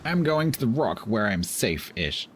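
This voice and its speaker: A man commenting live on his own gameplay as a streamer, joking and complaining in animated bursts. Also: a little slow, slight background noise. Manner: animated, self-pitying, jokey banter with squeaky outbursts. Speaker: game streamer.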